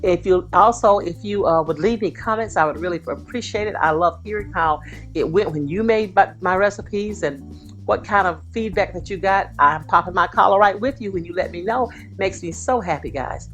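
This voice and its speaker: A woman's voice: on the low side, normal speed, faint music behind. A woman hosting her own cooking video from her home kitchen, talking to viewers with folksy, exclaiming enthusiasm. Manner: warm folksy enthusiasm, exclaiming over the food. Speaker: cooking channel host. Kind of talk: casual cooking video chat.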